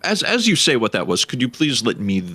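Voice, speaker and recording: A man narrating as game master of a tabletop game, halting with many fillers. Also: mid-range voice, sing-song, bright, forceful tone, breathy edge.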